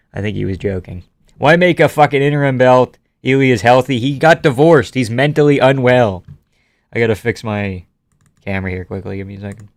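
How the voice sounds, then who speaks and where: A man's voice: medium pitch, dry recording. A man from Canada streaming live, reading out viewer comments and answering them offhandedly with casual swearing.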